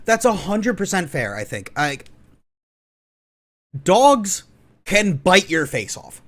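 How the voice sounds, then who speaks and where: A man's voice: sits high, big pitch swings, takes it slowly, pauses often, a bit bright. A man giving opinionated, sarcastic reaction commentary, ranting with plenty of profanity. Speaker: online commentator.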